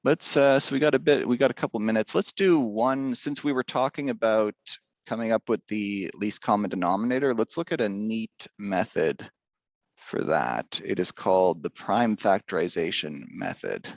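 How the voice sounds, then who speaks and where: A man's voice: fairly low pitch, moderate pace, no room sound, highs cut off. A male teacher giving a casual math lesson, chatty and rambling, drifting into side stories.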